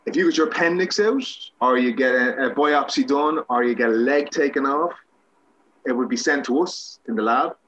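A man's voice: mid-range voice, moderate pace, fairly bright tone, dull audio, slight background noise. An Irish man, a guest actor, telling rambling, self-mocking anecdotes with many restarts in a casual interview.

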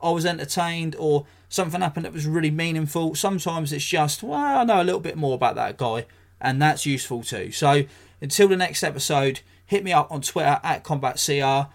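A man's voice: on the high side, expressive, brisk, vocal fry. An English man hosting a solo podcast, talking blunt and sweary, ranting with dry jokes. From England. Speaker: podcast host.

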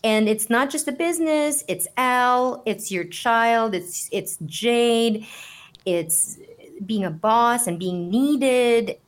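A woman's voice: on the high side, slow pace. A woman co-hosting a podcast, reassuring her friend and reflecting thoughtfully on why it hurt. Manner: supportive and reflective, gently reassuring. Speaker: podcast co-host. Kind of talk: conversational podcast chat.

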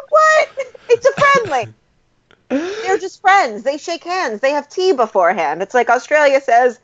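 A woman's voice: high-pitched, huge pitch swings, takes it slowly, long pauses, fairly bright tone. A woman co-hosting in casual banter, playful and joking, laughing often. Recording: dull lo-fi sound.

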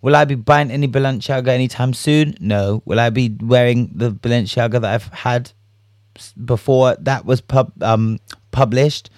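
A man in the middle of his voice range talks casually on his own show, lively and loose, swearing and laughing as he acts out reactions. His voice sits close and dry, with no room sound around it. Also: medium pitch, moderate pace, no room sound. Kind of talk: casual solo chat.

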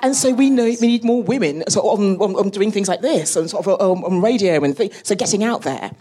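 A woman space scientist speaking as a guest on a live panel, animated and often laughing between phrases. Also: medium pitch, a little fast.

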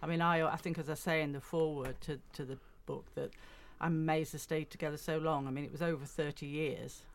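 A woman's voice: low-pitched, steady tone, fairly quick, few pauses. A woman being interviewed as a guest in a radio studio, explaining at length in an earnest way. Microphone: studio microphone.

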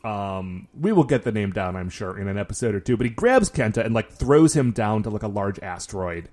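Man, casual podcast chat, lively pitch, acts out quotes, filler-heavy. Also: fairly quick. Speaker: podcast co-host. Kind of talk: casual chat recapping a show.

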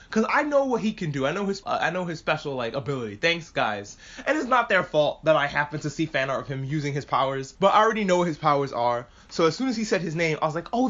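A man chatting casually and excitedly as a podcast host reviewing an anime, swearing freely and rambling. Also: a little high. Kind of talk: casual chat. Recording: muffled lo-fi audio.

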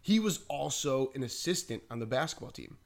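Animated man telling stories, casual. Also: medium pitch, fairly quick, gravelly. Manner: animated, acts out quotes, says "like" often. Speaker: podcast co-host. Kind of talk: casual storytelling chat.

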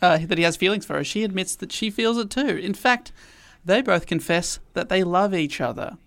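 A man co-hosting a podcast, retelling a play in casual chat with animated bursts. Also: sits high, moderate pace, creaky. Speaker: podcast co-host summarizing a play.

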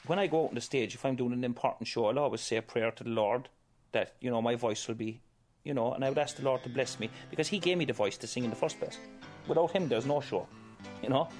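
A man's voice: mid-range voice, fast. Irish man telling stories, faint music. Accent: Irish, County Kerry. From Ireland. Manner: chatty, anecdotal, fond of quoting voices. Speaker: tribute performer for a famous singer. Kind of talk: storytelling interview.

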